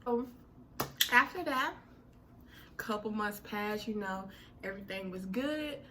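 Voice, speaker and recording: Bright, animated young woman telling a story. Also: medium pitch, unhurried, slight background noise. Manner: animated, dramatic retelling with slang. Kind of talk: casual storytime.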